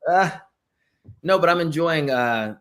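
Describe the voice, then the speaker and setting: A man's voice: on the high side, expressive, takes it slowly, a bit bright. A man co-hosting a film podcast, speaking hesitantly and unhurriedly, with many fillers. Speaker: podcast co-host. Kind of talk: casual chat.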